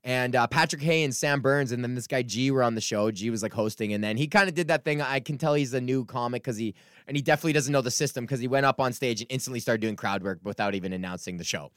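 A man's voice: mid-range voice, fast, smooth, dry recording, clean studio sound. A man in his thirties, a stand-up comic hosting his podcast, ranting casually with lots of swearing and rambling asides. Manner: profane, rambling, animated impressions.

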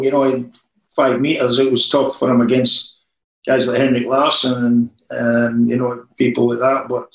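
A man's voice: medium pitch, reverberant, low-quality recording. A man, a former football manager telling rambling anecdotes in a casual interview.

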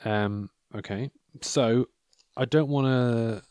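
A man's voice: medium pitch, takes it slowly, a little mellow, clean tone, no room sound. A man hosting a casual monologue, reading out personal ads with wry, rambling commentary into a microphone. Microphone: handheld or desk microphone.

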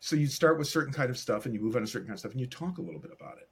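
A middle-aged man, an animator and director, telling a story as a podcast guest in an animated way and acting out the dialogue. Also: medium pitch, rapid-fire, slightly rough. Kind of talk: casual storytelling.

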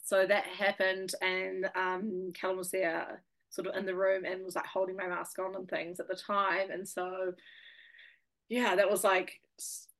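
A woman's voice: medium pitch, little pitch movement, unhurried, a bit bright. A young woman with a New Zealand accent, a guest chatting casually in an interview, full of fillers and laughs.

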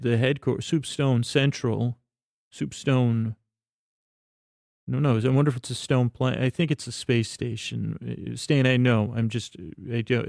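A man telling a meandering, improvised bedtime story to a pen pal, halting often and filling gaps with fillers and restarts. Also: medium pitch, vocal fry, a little mellow, no room sound, clean studio sound.

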